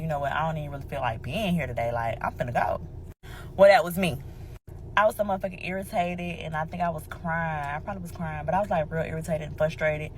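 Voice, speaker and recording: Animated, profane woman telling a story. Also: low voice, a little hiss or hum, low-quality recording. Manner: animated, emphatic, profane, addresses listeners as y'all. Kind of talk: casual storytime monologue.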